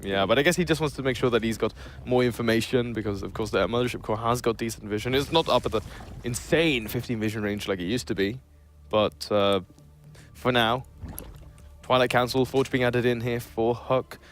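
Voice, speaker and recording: A man commentating a strategy game as a caster, joking dryly with his co-caster between steady, analytical calls. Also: medium pitch, brisk, slight background noise. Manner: dry joking banter, then steady analysis. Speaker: esports caster.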